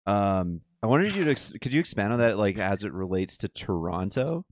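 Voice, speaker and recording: A man's voice: on the low side, very animated, moderate pace, a little hiss or hum. A man hosting a podcast, asking questions in a hesitant, casual way. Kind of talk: casual chat.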